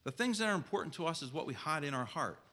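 A man preaching a sermon in a conversational way, asking his listeners direct questions and reading scripture slowly and solemnly. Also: on the high side, animated, sharp tone.

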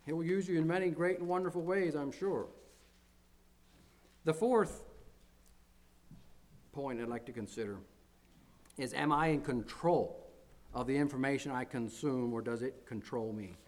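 A man's voice: mid-range voice, unhurried, long pauses, a little mellow. A man preaching as pastor to his congregation, earnest, often repeating phrases and building to emphatic declarations. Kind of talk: sermon.

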